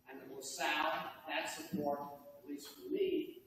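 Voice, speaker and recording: Older man, animated speech in echoey hall. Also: fairly high pitch, measured pace, a little hiss or hum. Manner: heartfelt, folksy, animated delivery. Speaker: inductee giving acceptance speech. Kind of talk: ceremony speech. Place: banquet hall. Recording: distant mic in echoey hall.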